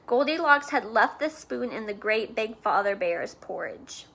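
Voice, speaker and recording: A woman reading a storybook aloud to children, with playful chatty asides and soft whispers. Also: fairly high pitch, animated, unhurried, creaky.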